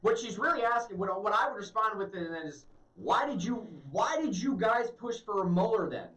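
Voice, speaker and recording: A man's voice: high voice, animated, moderate pace, a bit bright. A man co-hosting a talk radio show, mocking and sarcastic as he reacts to hearing clips. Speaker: radio co-host. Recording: roomy, distant mic.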